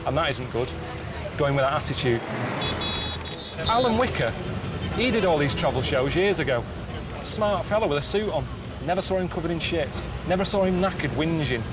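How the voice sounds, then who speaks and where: A man giving grumbling, deadpan travel commentary outdoors, moaning and complaining as he goes. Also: a little high, rough recording. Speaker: traveling presenter.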